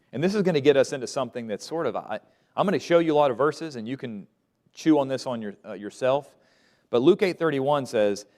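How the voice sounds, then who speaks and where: A man's voice: mid-range voice, a little mellow. A man teaching a Bible lesson to a class, asking questions and letting them fill in the answers. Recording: long reverb of a large room.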